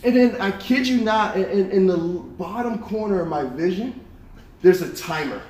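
A young man preaching a sermon to a congregation, telling a story in an animated way with repeated words and frequent laughs. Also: high-pitched, moderate pace. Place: church hall. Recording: echoey room with a congregation. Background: congregation responding.

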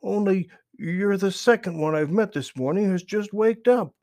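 Perky young skunk guy, a man putting on a higher voice, sing-song and bouncy, gravelly edge. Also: moderate pace, darkish tone, no echo, clean studio sound. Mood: polite. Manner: bouncy sing-song rhymes, then eager polite excuses. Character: cheerful, cheeky young male skunk.

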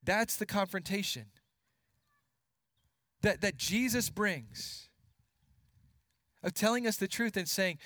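A man preaching a sermon in an earnest way, often repeating words as he builds a point and dropping his voice low for emphasis. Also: lively intonation, slow, long pauses, pushed and bright, no room sound, clean studio sound.

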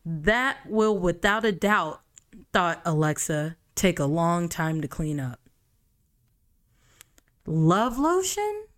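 A young woman with a lowish voice hosts a comedic book review podcast. She reads passages slowly and breaks off into profane, sarcastic rants. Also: fairly even intonation, fairly bright tone. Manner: profane, exasperated, sarcastic commentary. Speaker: podcast host.

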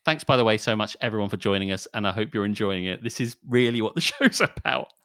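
A man's voice: lowish voice, quick pace, few pauses, fairly bright tone, dry recording, studio quality. A man co-hosting a podcast, ranting and swearing in casual chat. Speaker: podcast co-host.

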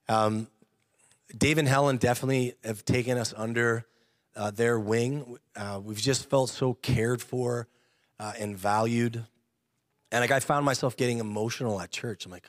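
A man's voice: medium pitch, steady tone, normal speed, dry recording, clean studio sound. A man in his thirties sharing a personal testimony at church, earnest and chatty, laughing often and restarting his sentences. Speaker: church member giving testimony.

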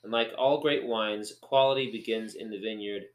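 A man's voice: on the low side, normal speed, echoey room. A man co-hosting a podcast, chatting in a rambling, joking, playful way. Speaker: podcast co-host. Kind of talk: casual chat.

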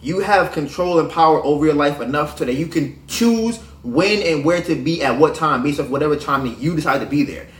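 A man's voice: expressive, a little fast, hardly any pauses. Slangy man lecturing in a roomy echo. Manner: slangy, preachy, drops into low murmurs. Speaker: podcast host. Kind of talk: casual advice monologue.

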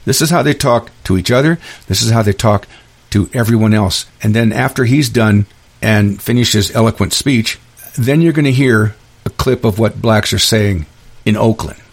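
A man's voice: on the low side, moderate pace. A man hosting a podcast, delivering an emphatic, ranting monologue with frequent restarts. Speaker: podcast host. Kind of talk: opinion monologue.

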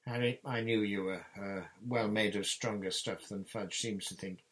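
A man's voice: fairly low pitch, steady tone, normal speed, fairly bright tone, close to an everyday voice. A man voicing a tense, earnest middle-aged wizard father in a storybook reading.

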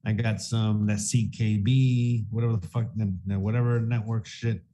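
A man's voice: fairly low pitch, little pitch movement, moderate pace, warm tone. A man co-hosting a casual crypto livestream, rambling and swearing, full of "you know what I mean.".

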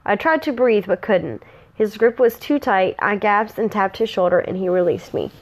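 A woman's voice: medium pitch, expressive, moderate pace, poor audio. A woman reading a fantasy story aloud in a casual way, sometimes breaking off to chat. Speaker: story reader.

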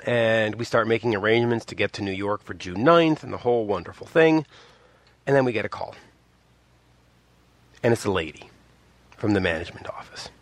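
Speaking a little fast with long pauses, this Montreal man in his fifties rambles through a personal story, restarting often and adding asides. He acts out quoted people with big pitch jumps, and there is no room sound.

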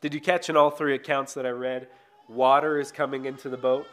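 A man's voice: mid-range voice, level tone, a little fast, fairly bright tone. A man preaching a sermon in a conversational way, reading scripture and then explaining it, often checking in with "right?". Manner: conversational, frequent "right?" tag questions.

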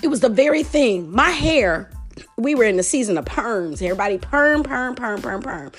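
A woman's voice: on the high side, expressive, moderate pace, soft background music. A woman preaching a fervent testimony sermon, repeating phrases and calling out to her listeners.

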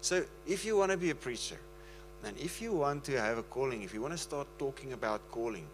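An earnest male preacher speaks in a casual sermon style, pleading gently with his listeners. His voice sits in a middle register and keeps a loose, talky rhythm. A faint electrical hum runs underneath the recording. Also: medium pitch, lively intonation, fairly quick. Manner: earnest, pleading, breaks into laughter.

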